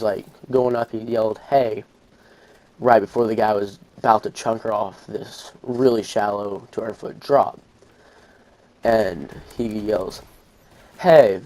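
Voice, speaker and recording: Young man, low-pitched, monotone, rambling gameplay storyteller. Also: rough recording. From Arkansas, USA. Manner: rambling, with fillers and restarts. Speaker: gaming channel host. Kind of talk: casual storytelling over gameplay commentary.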